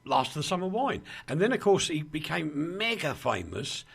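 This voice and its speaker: A man's voice: fairly high pitch, very animated, normal speed, gravelly, fairly bright tone, slightly rough. A man hosting a casual radio chat, jokey and a little rambling. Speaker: host.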